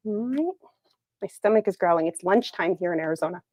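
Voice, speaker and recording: A woman's voice: fairly low pitch, lively intonation, a little fast, darkish tone, no echo. A woman hosting a casual livestream product reveal, chatty and upbeat, laughing often. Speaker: planner shop owner hosting a livestream. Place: Arizona.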